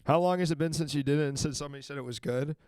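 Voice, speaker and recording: A man in his thirties hosting a call-in show, ranting loudly and swearing in casual banter. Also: fairly high pitch, racing, no echo, clean studio sound. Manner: loud, swearing, animated rants.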